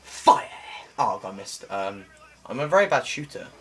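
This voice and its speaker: A young man giving excitable let's play commentary, shouting exclamations and making sound effects while he plays. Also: fairly low pitch, a little fast, slightly rough. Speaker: gameplay commentator.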